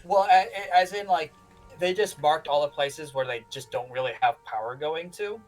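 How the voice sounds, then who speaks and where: A man's voice: fairly high pitch, faint music behind, poor audio. Man running a tabletop game. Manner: halting, full of fillers and restarts while describing. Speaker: game master.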